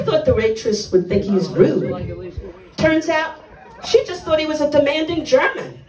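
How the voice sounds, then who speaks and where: An older woman doing a stand-up comedy set on a club stage, delivering blunt, dark one-liners with punchy timing. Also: sits high, animated, unhurried, echoey room, recorded from a distance, poor audio.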